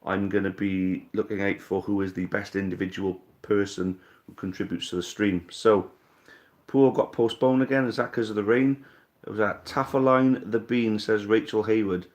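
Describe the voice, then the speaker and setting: A man's voice: fairly low pitch, fairly even intonation, moderate pace, darkish tone. A man from Wales hosting a casual live fan stream, reading out viewer comments and answering them bluntly, with casual swearing.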